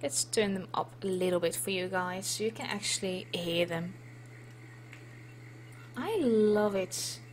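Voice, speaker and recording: Slow, chatty Dutch woman playing a game. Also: lowish voice, a bit bright. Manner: chatty and playful, reads on-screen text aloud. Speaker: let's play host. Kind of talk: casual gameplay commentary.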